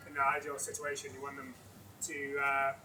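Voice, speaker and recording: A man's voice: mid-range voice, monotone, moderate pace, sharp tone. A man moderating a panel discussion, asking questions casually and hunting for words as he goes. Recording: far-off mic with faint noise.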